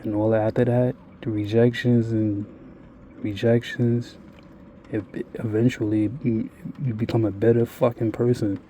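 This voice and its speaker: A man's voice: fairly low pitch, flat delivery, unhurried, dark tone, a little hiss or hum. A man telling a blunt, profane, rambling confessional monologue to his viewers. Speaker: vlogger.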